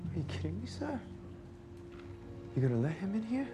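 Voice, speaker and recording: A pushy young beat cop who protests in a raised, higher voice. Film music plays underneath. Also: male voice, very animated, moderate pace. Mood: protesting.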